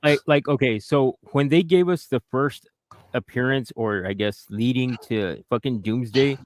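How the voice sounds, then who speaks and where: Male podcast co-host, middle pitch, dry mic, blunt and profane. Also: a little slow, no room sound. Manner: heavy swearing, blunt, irritated. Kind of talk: casual chat.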